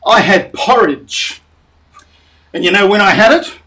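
A man's voice: high-pitched, lively intonation, a little slow, pushed and bright. A man leading a children's music and story session, talking cheerfully and coaxingly straight to young children.

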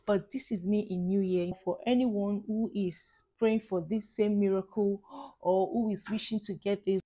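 This vlogger is a woman in her thirties from Nigeria whose medium-pitched voice carries a warm tone, fairly even intonation and a Nigerian accent at normal speed. She chats effusively and casually with her viewers, saying "like" and "guys" often.

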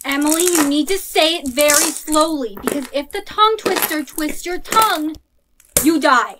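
A synthetic woman's voice narrating a story, reading every character's lines in the same even computer voice. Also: high voice, normal speed, very noisy. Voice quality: synthetic, evenly paced computer voice. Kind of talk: text-to-speech story narration.

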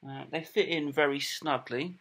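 A man's voice: on the high side, fairly bright tone. Hesitant middle-aged man reviewing earphones. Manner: hesitant, many ums and repeated words; plain, unhurried and matter-of-fact. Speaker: product reviewer. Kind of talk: casual review talk.

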